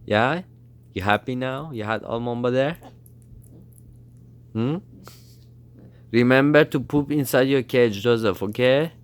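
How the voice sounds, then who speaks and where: A woman's voice: very deep voice, measured pace, long pauses. A woman at home talking to her pet birds in coaxing baby talk, chatting casually with her partner. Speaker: pet bird owner.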